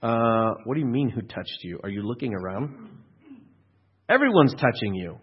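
A pastor voicing sarcastic, baffled male disciples in a crowd, with a husky voice and a dull, lo-fi recording. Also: mid-range voice, animated, normal speed.

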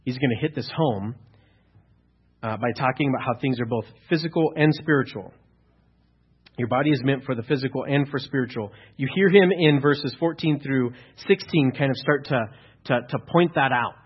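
A pastor preaching a sermon, building to loud, emphatic exhortation at times. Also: male voice, medium pitch, moderate pace, husky, highs cut off.

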